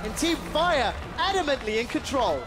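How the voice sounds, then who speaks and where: A man's voice: extremely high pitch, big pitch swings, normal speed, crowd noise. A man calling the play-by-play of an esports match, rising with the action. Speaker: esports caster. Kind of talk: play-by-play commentary. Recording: music bed behind.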